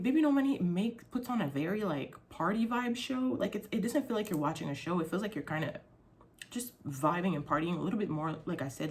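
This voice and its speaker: Young woman YouTuber, frank and sensitive, swears freely, slightly low voice, casual vlog delivery. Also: a little hiss or hum. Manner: candid, heavy swearing, frequent fillers; emotional, sensitive.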